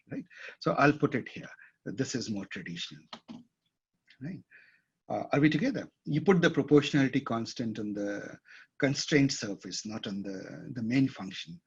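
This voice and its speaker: In a dull, lo-fi classroom recording, a male instructor with a husky, medium-pitched voice teaches at a whiteboard. He thinks out loud and frequently checks whether his students are following.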